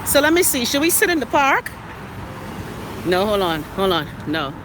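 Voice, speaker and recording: Bahamian woman, chatty and sassy, phone-in-hand street vlog, traffic clearly audible behind. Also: a little high, very animated, normal speed. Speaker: vlogger. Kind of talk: casual live-stream chat while walking. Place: city street outdoors, walking. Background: traffic noise.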